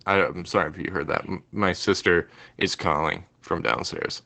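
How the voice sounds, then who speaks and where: Deep-voiced Canadian man, rambling podcast chat. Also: fairly even intonation, normal speed, vocal fry, bright, forceful tone. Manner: rambling, hesitant, lots of fillers. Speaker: podcast co-host. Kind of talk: casual chat. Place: home room.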